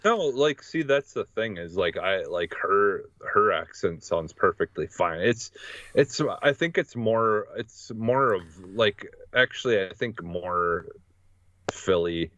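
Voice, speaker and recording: A man from Wisconsin co-hosting a casual podcast chat, talking in halting restarts and chuckling. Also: fairly low pitch, expressive, a bit bright, dry recording. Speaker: podcast co-host. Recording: dull, dry lo-fi mic.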